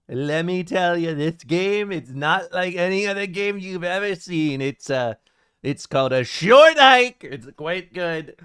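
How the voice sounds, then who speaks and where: A man's voice: sits high, fairly bright tone, smooth. A man doing an impression of a boastful, rambling older male politician who repeats himself in a folksy, blustering way.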